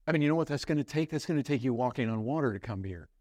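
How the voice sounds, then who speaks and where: Expressive and rapid-fire, with few pauses, a man preaches as pastor. He narrates a story vividly, drops his voice low and quiet, then ramps up the intensity while asking the congregation rhetorical questions.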